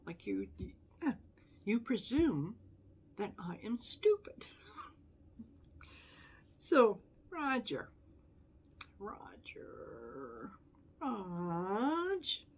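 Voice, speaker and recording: A woman's voice: mid-range voice, very animated, drawn-out words, pauses often, a little hiss or hum. A woman tarot reader giving casual, conversational commentary, with exasperated asides and frequent laughter.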